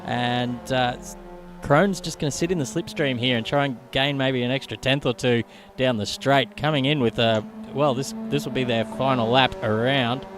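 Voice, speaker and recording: A man giving chatty, quick live commentary on a sim racing qualifying session. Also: medium pitch, fairly even intonation, over music. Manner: chatty, quick, laughs along.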